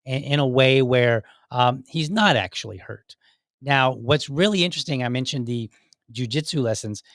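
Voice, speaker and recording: A man's voice: mid-range voice, normal speed, fairly bright tone, dry recording, studio quality. A man in his thirties hosting a solo talk show, speaking in a conversational way with frequent restarts and asides. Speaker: podcast host.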